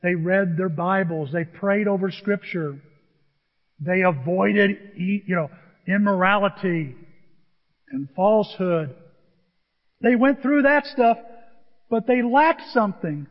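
A male pastor preaching a sermon, animated and acting out the people he quotes. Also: sits high, takes it slowly, pauses often. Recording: dull sound in a large reverberant hall.

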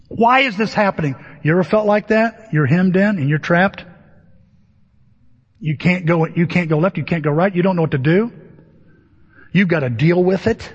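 A man with a fairly high, husky voice preaches a lively sermon, acting out the people in his story and firing questions at the congregation. The audio is dull and lo-fi, with long reverb from a large hall. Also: normal speed. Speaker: pastor. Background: laughter from the congregation.

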